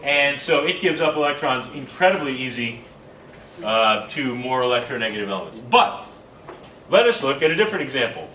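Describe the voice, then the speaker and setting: A man's voice: medium pitch, sing-song, fairly quick, bright, forceful tone, slight background noise. A man teaching chemistry to a class, casual and joking, thinking aloud with fillers. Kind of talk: classroom lecture. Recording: roomy classroom from a distance.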